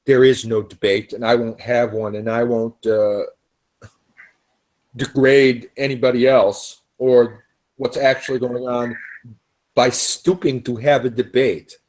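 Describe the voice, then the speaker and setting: A man's voice: medium pitch, fairly even intonation, measured pace, a little mellow. A man talking in a casual online hangout, firm and emphatic, swearing and getting emotional about his views. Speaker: guest in a hangout. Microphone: home computer mic.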